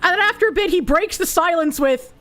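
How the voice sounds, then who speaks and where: A woman streamer with a high voice chats casually with her viewers. She laughs often and swears freely as she tells stories, and faint music plays underneath. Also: expressive, a little fast, a bit bright. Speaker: livestreamer. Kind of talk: casual chat.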